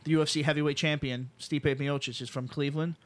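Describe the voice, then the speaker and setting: A man's voice: fairly high pitch, fast talker. A young man hosting a podcast, chatting casually and swearing freely as he talks. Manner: excited, laughs a lot, swears casually. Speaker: podcast host. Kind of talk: casual chat.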